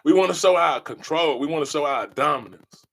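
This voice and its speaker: A man with a notably high voice holds forth in a passionate podcast monologue. He preaches emphatically and circles back to the same phrases again and again, pressing each point home. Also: a little fast, creaky. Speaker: podcast host.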